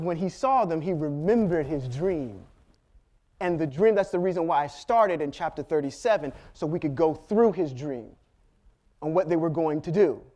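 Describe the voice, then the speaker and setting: High-pitched male Bible teacher, lively storytelling delivery. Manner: animated storytelling, acting out the characters' lines. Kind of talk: sermon teaching.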